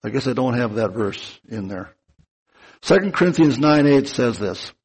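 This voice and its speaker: A man preaching a sermon, speaking slowly and deliberately and stretching key words for emphasis. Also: mid-range voice, expressive, darkish tone, breathy edge, low-quality recording.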